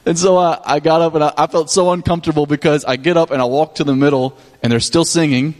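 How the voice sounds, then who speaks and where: A man's voice: on the high side, steady tone, fairly quick, darkish tone. A man, a pastor casually recounting a mission trip to his congregation, with many restarts and fillers. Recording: long hall reverb.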